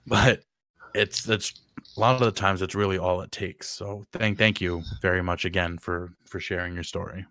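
A podcast host speaks in a low voice. His manner is easygoing and a little teasing. The recording is dry and close. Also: little pitch movement, normal speed, sharp tone, dry recording. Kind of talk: casual podcast chat.

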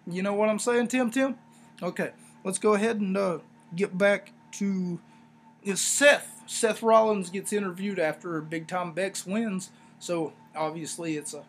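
High-pitched rambling male podcast host. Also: a little slow, soft background music. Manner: rambling, sarcastic, animated asides. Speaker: wrestling review podcast host. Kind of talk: casual solo review talk.

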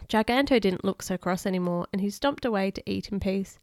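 A woman's voice: medium pitch, animated, a little fast, hardly any pauses, a little mellow, no echo, clean studio sound. A woman hosting a podcast who reads a children's book aloud and chats playfully with a child. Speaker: podcast host reading children's books. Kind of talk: reading a picture book aloud.

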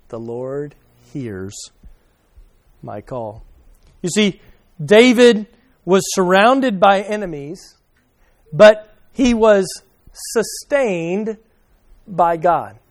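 A man preaching a sermon, asking his listeners questions and swinging from loud emphasis to quiet, soft remarks. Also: high-pitched. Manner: addresses listeners by name, asks questions. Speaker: pastor.

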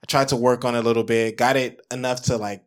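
A man's voice: medium pitch, fast. A man in his twenties, a guest music producer, telling a story in casual chat with lots of fillers like "like" and "you know". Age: 20s. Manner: animated, rambling, heavy use of "like" and "you know".

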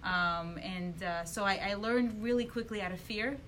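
Guest, woman, 30s, Russian-born, light Russian-Brooklyn accent, chatty and laugh-prone, bright tone. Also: mid-range voice, moderate pace, a little hiss or hum, poor audio. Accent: slight Russian and Brooklyn. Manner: chatty, laughs often, trails off in fillers. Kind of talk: casual interview chat.

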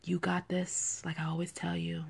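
Woman podcast host leading affirmations, unhurried and encouraging, slipping into whispers; lower voice with a gravelly edge. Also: monotone. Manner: slow, deliberate, encouraging, often drops to a whisper. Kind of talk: guided affirmations.

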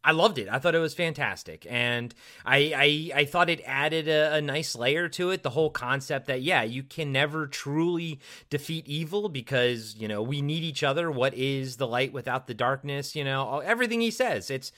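A man's voice: medium pitch, lively intonation, moderate pace, few pauses, sharp tone. A man co-hosting a casual film discussion, enthusiastic and rambling, often restarting sentences.

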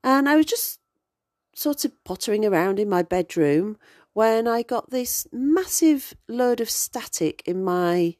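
A woman's voice: fairly high pitch, expressive, measured pace, a little mellow, dry recording, studio quality. A woman in her forties, a podcast host telling stories in a chatty, digressive way with many ums. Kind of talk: casual storytelling.

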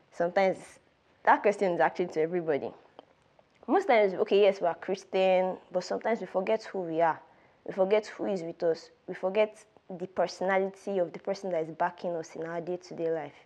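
A woman's voice: mid-range voice, a little mellow. A young woman hosting a devotional podcast, retelling a Bible story in an earnest, storytelling way with casual asides. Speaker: podcast host.

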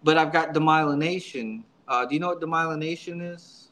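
A man speaking as a church subdeacon in a relaxed interview, sitting a little above the usual male range. He talks earnestly and haltingly, doubling and tripling his words as he finds his way through each thought. The tone is plain, personal storytelling. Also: a little high, rough recording.

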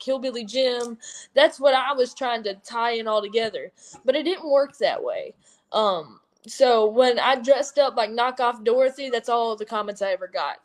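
Loud young woman with an Appalachian accent. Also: a little high. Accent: Appalachian Kentucky. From Kentucky, USA. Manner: loud, rambling, self-deprecating. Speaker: professional wrestler. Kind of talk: casual interview chat.

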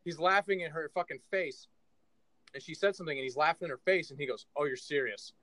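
A rowdy, animated man rattles through a sports chat at a quick clip, swearing constantly. His voice sits a touch high, and it is recorded dry and close. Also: dry recording, low-quality recording. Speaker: sports podcast co-host. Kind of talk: casual chat.

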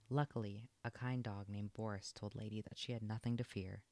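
A man narrating a children's storybook aloud in an expressive, lilting read. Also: on the low side, a little fast, dry recording.

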